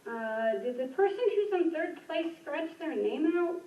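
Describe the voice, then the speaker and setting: A woman's voice: sits high, animated, unhurried. A woman hosting an open mic in a library community room, joking and laughing at herself as she calls up readers. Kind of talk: casual event hosting. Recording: roomy, distant, dull room sound.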